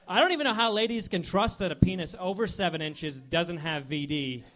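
A young man doing a stand-up set of deadpan one-liners, full of filler words, on a comedy club stage with a handheld mic. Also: high-pitched, fairly quick.

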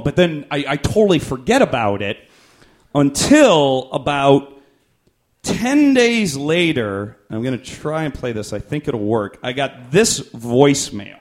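A man's voice: medium pitch, big pitch swings, a little slow. A man doing stand-up, telling a long story in a rambling, self-deprecating way. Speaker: stand-up comedian.

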